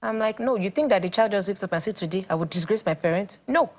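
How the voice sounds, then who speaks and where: A woman's voice: mid-range voice, fast talker. Nigerian lady coach on a tv talk show, acts out parents n kids, slightly muffled. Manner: animated, acts out parents and children in quoted voices. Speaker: teen coach guest. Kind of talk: studio talk show conversation.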